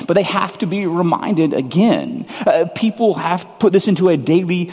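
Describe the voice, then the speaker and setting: A man's voice: high-pitched, lively intonation, normal speed, few pauses, darkish tone, breathy edge, big-room sound. A man preaching a sermon as pastor, conversational and earnest, often poking fun at himself. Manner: conversational, earnest, self-deprecating.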